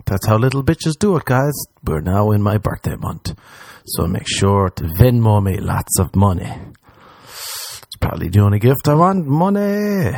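A man's voice: vocal fry, a little mellow, no echo. Irish male podcast host, alone in a small room, rambling crude jokes in a dry, close recording. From Ireland. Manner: crude, self-mocking rambling with sudden high-pitched jumps. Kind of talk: solo comedic podcast monologue.

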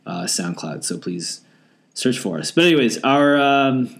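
A man's voice: medium pitch, expressive, measured pace, gravelly. A man co-hosting a podcast in casual chat, rambling with many fillers. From Canada. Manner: rambling, lots of fillers and restarts. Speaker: podcast co-host.

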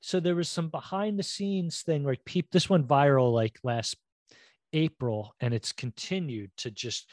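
Rambling, animated male podcast co-host. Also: fairly high pitch, a little slow, no room sound. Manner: rambling, animated storytelling with acted quotes. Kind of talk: casual chat.

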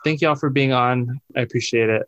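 A podcast host chatting casually with guests, making wry, deadpan jokes and wrapping up the episode. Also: medium pitch, brisk, dull audio. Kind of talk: casual chat.

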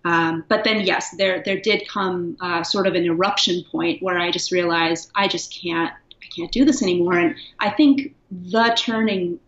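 A woman's voice: fairly low pitch, normal speed, a bit bright. A woman guest speaking candidly and reflectively in a casual interview, laughing now and then. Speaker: guest, writer. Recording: echoey, dull lo-fi sound.

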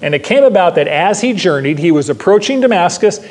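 A man's voice: high voice, animated, fairly quick, a little mellow, in a large hall. An older man preaching to a Bible class, emphatic, repeating key phrases and putting questions to his listeners. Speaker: pastor teaching a Bible class. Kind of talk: sermon.

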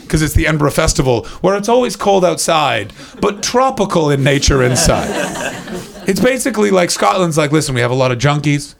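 A man in his thirties does stand-up before a live audience at a comedy venue, rambling through anecdotes and laughing at his own jokes. His voice is fairly high, with vocal fry.

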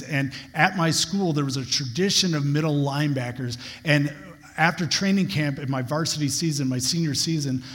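A young adult man, a pastor, preaches a sermon and tells a personal story with earnest, building emphasis. His voice is a little high and a bit bright, and the recording has long hall reverb.

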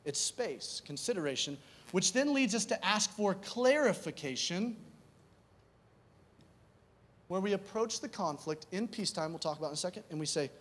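High-voiced man preaching conversationally. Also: expressive, brisk, fairly bright tone, slight background noise. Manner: conversational preaching, rhetorical questions, repeated emphasis. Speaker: pastor. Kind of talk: sermon.

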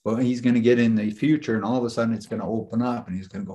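A spiritual teacher runs a group session in a very fast, dark-toned, mid-range voice with fairly even intonation. His talk is casual, earnest and rambling, made of personal stories with many restarts and "you know"s.

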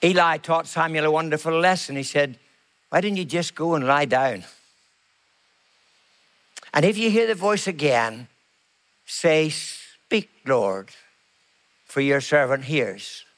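Middle-aged male pastor, high voice, slow emphatic sermon delivery. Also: lively intonation, fairly bright tone. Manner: slow emphatic preaching with repeated phrases.

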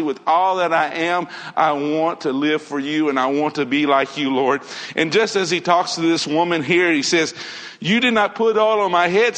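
Earnest high-voiced preacher in a reverberant hall. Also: male voice, fairly bright tone. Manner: earnest, repetitive emphasis, quoting scripture. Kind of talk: sermon.

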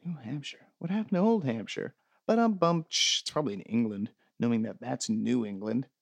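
A man's voice: medium pitch, fairly quick, gravelly, no room sound. A man hosting a comedy podcast, reading listener emails aloud and answering them with sarcastic, profane mock rants. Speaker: podcast host.

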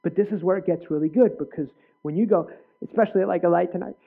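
A male preacher giving an earnest personal testimony in a sermon, with sudden loud bursts. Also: high-pitched, fast talker, vocal fry, slightly rough. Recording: tinny phone-like sound.

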